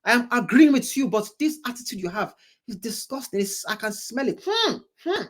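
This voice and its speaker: A man's voice: high voice, fairly quick. Man giving mocking reaction commentary. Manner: mocking, mimics the people he reacts to. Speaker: reaction video host.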